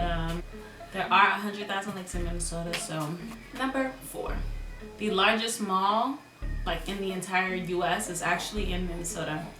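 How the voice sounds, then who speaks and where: A woman's voice: on the low side, far from the mic. A young woman from Miami talking casually to camera in a vlog, playful and jokey, stressing points by repeating words. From Miami, United States. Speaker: vlogger. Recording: roomy echo, a bit off mic, music behind.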